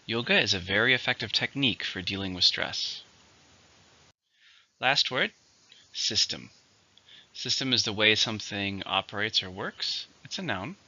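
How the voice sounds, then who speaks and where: A man teaching English vocabulary slowly and carefully, counting syllables and marking stress. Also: on the low side, bright, forceful tone, muffled recording. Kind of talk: vocabulary lesson.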